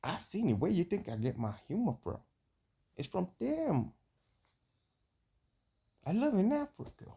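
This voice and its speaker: A man's voice: high-pitched, wildly swooping pitch, vocal fry, mellow, breathy edge, voice pushed up, heavily acted. A man putting on a slangy American drawl as a brash streetwise man. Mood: earnest. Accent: put-on American. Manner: boastful, slangy, slow and drawling.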